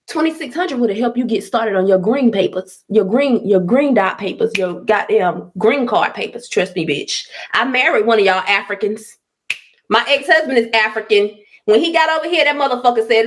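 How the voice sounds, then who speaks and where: A woman's voice: fairly high pitch, animated, normal speed. A woman ranting on a live stream, combative and profane, firing off mocking insults. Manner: profane, combative, loud bursts of mockery. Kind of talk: angry live-stream rant.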